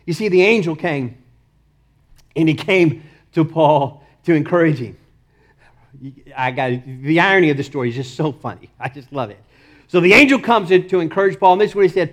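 A man with a high voice preaches a sermon in a church. He repeats short declarations with rising force, then drops to soft, urgent appeals. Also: fairly quick. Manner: impassioned, repeats key phrases, rises then drops to near murmur. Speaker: pastor.

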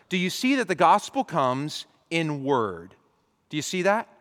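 A pastor preaching a sermon, acting out imagined conversations with lively, animated delivery. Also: male voice, on the high side, in a large hall. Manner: animated, acts out imagined dialogue. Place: church.

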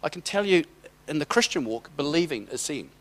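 A man's voice: on the high side, animated, a little fast. A middle-aged man giving a sermon as a personal story, conversational and rambling, with hesitant restarts. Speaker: church speaker.

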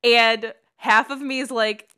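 Bright, crisp woman from Chicago. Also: on the high side, steady tone, a little slow. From Chicago, USA. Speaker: podcast co-host. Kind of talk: casual film discussion.

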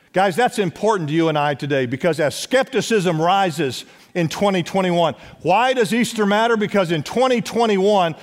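A man preaching a sermon as pastor, urging his congregation to respond and dropping at times to a hush. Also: sits high. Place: church sanctuary. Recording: long church hall reverb.

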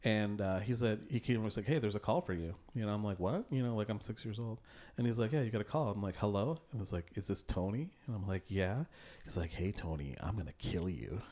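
A man co-hosting a casual improv podcast talks in a fairly low voice. He tells childhood stories in a dry, deadpan way and breaks into laughs. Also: quick pace. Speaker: podcast co-host. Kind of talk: casual chat.

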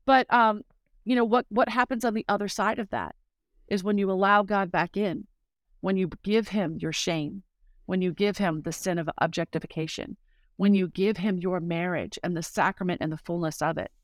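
A woman's voice: medium pitch, fairly even intonation, moderate pace, no echo. Middle-aged woman, interview guest, earnest heartfelt storyteller, mid-range voice, dry close sound. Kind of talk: casual conversational testimony.

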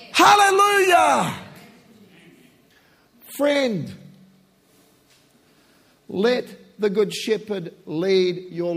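Man, pastor, impassioned sermon, high voice, slow deliberate delivery. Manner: impassioned, shouting at peaks then slow and hushed in prayer. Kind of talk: sermon and prayer.

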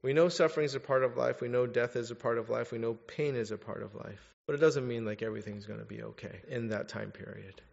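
Candid preacher with a hall echo. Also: male voice, mid-range voice, fast, creaky, few pauses. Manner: candid, animated storytelling; direct, exhorting. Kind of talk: sermon. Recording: dull recording in a reverberant hall.

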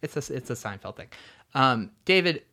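A man co-hosting a music podcast, chatting casually in a relaxed, jokey way about bands he loves. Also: medium pitch, moderate pace. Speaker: podcast co-host.

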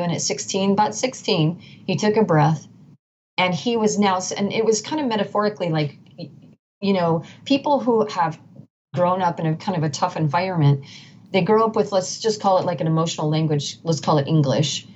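On a dull, lo-fi recording carrying faint noise, a middle-aged guest speaks a little fast in a lowish, slightly mellow voice. She tells her story earnestly and emphatically, with frequent restarts and repeated phrases.

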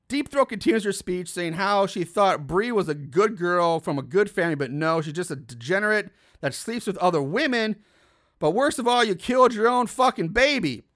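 A man's voice: sits high, pushed and bright. A young man casually recapping a film's plot as a podcast host, swearing and adding incredulous asides with laughs.

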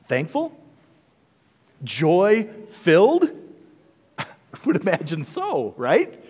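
Male pastor, fairly high voice, expressive sermon delivery, echoing hall sound. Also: slow pace, long pauses, breathy edge. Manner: animated, rhetorical questions to the congregation. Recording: long reverb of a large hall.

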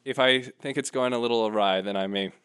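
Smooth-voiced man directing an improv game. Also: medium pitch, a little fast, a bit bright. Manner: directive, encouraging. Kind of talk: giving instructions.

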